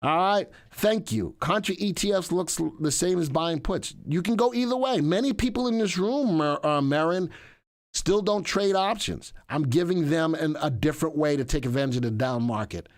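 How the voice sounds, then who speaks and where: A man's voice: a little high, normal speed. A man hosting a live stock market stream, talking casually and repeating himself as he reads the chat aloud. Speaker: livestream host.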